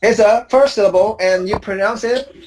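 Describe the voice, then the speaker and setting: Mid-pitched woman teacher running a pronunciation drill. She corrects patiently and repeats each word slowly and clearly as a model. A faint hiss sits under her voice. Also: darkish tone, rough recording.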